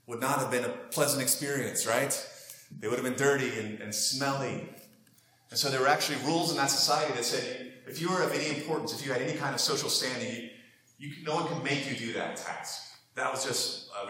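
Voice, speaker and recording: Man preaching, mid-pitched, earnest and conversational, with rhetorical asides, in a room with a noticeable echo. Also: bright, forceful tone. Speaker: pastor. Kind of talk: sermon. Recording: roomy echo.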